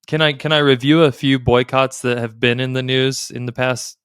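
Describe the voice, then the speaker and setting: A man's voice: medium pitch, fairly even intonation, normal speed, fairly bright tone, smooth, no echo, studio quality. A man co-hosting a casual podcast conversation, playfully quizzing his co-host like a game show.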